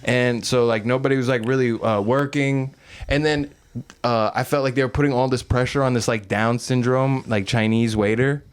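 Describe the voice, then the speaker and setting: A man's voice: mid-range voice, steady tone, normal speed, smooth. A young man co-hosting a podcast, telling a long story in a rambling, casual way with lots of fillers and swearing. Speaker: podcast co-host. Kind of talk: casual chat.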